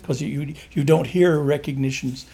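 A man in an interview, explaining folk music in a halting, rambling way and often restarting his sentences. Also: on the high side, fairly even intonation, mellow, breathy edge. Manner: halting, rambling, searches for words with many restarts.

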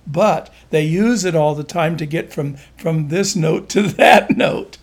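Man, somewhat high-pitched, halting, rambling, full of restarts, explaining music in an interview. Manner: halting, rambling, searches for words with many restarts.

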